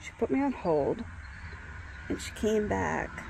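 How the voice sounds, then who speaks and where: A woman telling a personal story in a casual, halting way, with many pauses and restarts. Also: medium pitch, animated, vocal fry. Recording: faint background noise.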